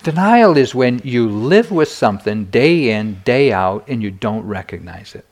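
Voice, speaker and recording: A man's voice: mid-range voice, animated, a little slow, a little mellow. An older man giving a meditation dharma talk, telling personal stories candidly with self-deprecating humor. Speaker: meditation teacher.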